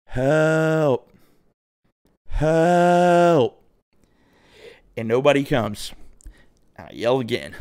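A man's voice: mid-range voice, no echo, clean studio sound. A young man telling a rambling, profane story to his viewers in a casual way. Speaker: vlogger.

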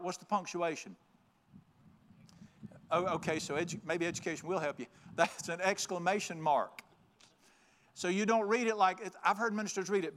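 A man's voice: high-pitched, normal speed, fairly bright tone. A man preaching a folksy, joking, emphatic sermon. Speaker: pastor.

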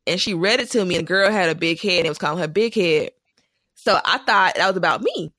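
A young woman in casual chat, telling animated stories and laughing often. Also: on the low side, fast, no echo, studio quality.

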